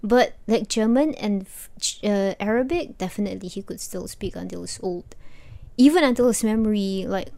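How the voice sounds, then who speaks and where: A woman's voice: mid-range voice, moderate pace, creaky, dark tone. A young woman co-hosting a podcast in casual chat, chatty and rambling with lots of "like" and "you know". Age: young adult. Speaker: podcast co-host.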